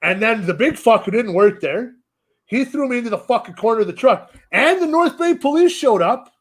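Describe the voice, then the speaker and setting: Man, high-pitched voice, profane rambling storyteller, casual podcast chat. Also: expressive, normal speed. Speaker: guest.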